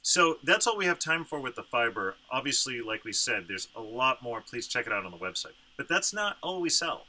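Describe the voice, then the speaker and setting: A man's voice: medium pitch, big pitch swings, a little fast, few pauses, bright, forceful tone, rough recording. A man co-presenting his yarn business, throwing in joking asides with lots of uhs. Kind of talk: casual product presentation. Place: home studio, indoors.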